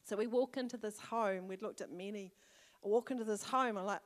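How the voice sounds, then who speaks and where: An older woman with a New Zealand accent preaches a personal testimony, lively and fervent with bursts of loud exclamation. Her voice sits at an ordinary pitch for a woman. The sound carries the long reverb of a church hall. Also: fairly quick. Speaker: church elder. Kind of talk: sermon testimony.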